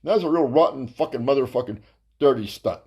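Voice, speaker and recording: A man's voice: fairly quick, slightly rough. A man telling a rambling, profane stand-up story as host of his own comedy show. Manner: crude, profane, rambling with fillers; lively, jumps to high voices for quotes.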